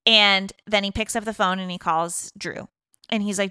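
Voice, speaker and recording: A woman's voice: medium pitch, normal speed, pushed and bright, clear, resonant tone, no room sound, studio quality. A woman co-hosting a podcast, retelling a movie plot in a rambling, chatty way full of fillers. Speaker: podcast co-host recapping a film. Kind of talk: casual chat.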